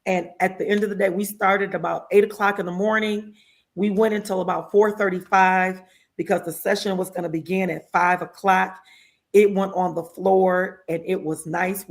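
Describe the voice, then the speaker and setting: A woman guest in an interview, telling stories in a heartfelt, animated way and acting out other people's lines. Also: fairly low pitch. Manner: heartfelt and emotional, with religious exclamations. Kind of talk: conversational storytelling interview.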